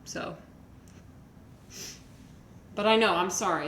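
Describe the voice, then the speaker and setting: In an echoey room with a little noise, a woman streams and talks loosely with viewers, wandering off track and restarting sentences amid plenty of fillers. She speaks unhurriedly in a lowish, fairly bright voice.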